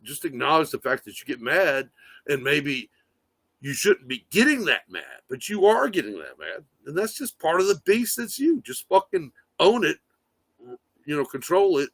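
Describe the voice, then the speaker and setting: A man talking on a livestream from his phone, rambling and swearing with plenty of fillers. His gravelly voice swings widely in pitch, sitting a little high for a man. The sound is close and dry, with no room around it. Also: fairly bright tone, no echo. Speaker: livestream host. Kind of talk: casual rambling livestream talk.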